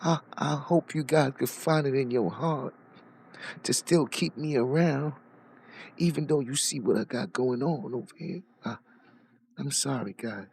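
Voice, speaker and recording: A man's voice: mid-range voice, unhurried, vocal fry, darkish tone, slight background noise, pitched below the performer's own voice. A man putting on a mopey, self-pitying voice to mock someone as a weepy, broken grown man. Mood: mock sorrow.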